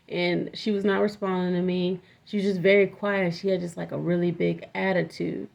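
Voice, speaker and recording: A woman's voice: on the low side, level tone, normal speed, vocal fry, few pauses, a little mellow. A young woman telling a personal story in a candid, rambling, profane way, with lots of fillers. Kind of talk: casual storytime vlog. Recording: dull lo-fi audio.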